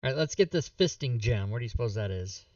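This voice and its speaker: A man chatting as a player in a tabletop game, quick to laugh and excitable. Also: medium pitch, distant mic, muffled recording. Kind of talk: casual tabletop game chat.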